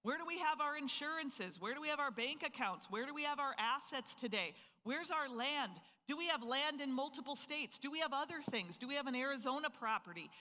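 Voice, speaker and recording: Seminar presenter from north dakota, bright edge, energetic, rhetorical questions, long hall reverb. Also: high voice, brisk, few pauses. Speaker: financial planning presenter. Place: event hall with a live audience.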